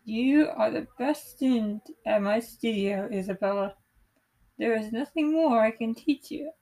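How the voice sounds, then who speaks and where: Kindly male ballet instructor, firm and encouraging, read plainly by a woman in her own higher voice. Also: measured pace, dark tone, low-quality recording. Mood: firm, praising. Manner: firm, praising teacher's tone.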